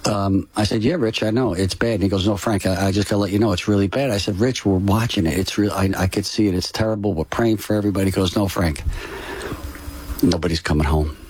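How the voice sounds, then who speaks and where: An older man tells a personal story as an interview guest, halting and restarting often. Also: lowish voice, a little mellow, no echo. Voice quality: halting, full of restarts and "you know". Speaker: interview guest, brother of a firefighter.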